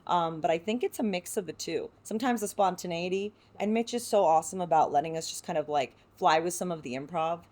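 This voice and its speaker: An actress from San Diego speaking as a podcast guest, reflective and heartfelt, with many filler words. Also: female voice, fairly low pitch, quick pace, few pauses, darkish tone. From San Diego, United States. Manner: reflective, heartfelt, full of "you know" fillers. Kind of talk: podcast interview.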